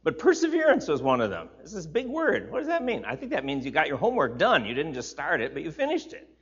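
Animated man teaching a Bible class. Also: a little high, fast talker, slightly rough. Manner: animated, emphatic repetition, chatty asides to listeners. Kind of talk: informal sermon teaching. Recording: slightly dull, lo-fi recording.

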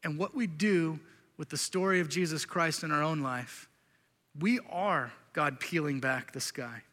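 A middle-aged male pastor preaching a sermon in a church sanctuary, earnest and confessional, rising to loud emphasis and dropping to quiet intensity. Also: a little high, measured pace, in a large hall.

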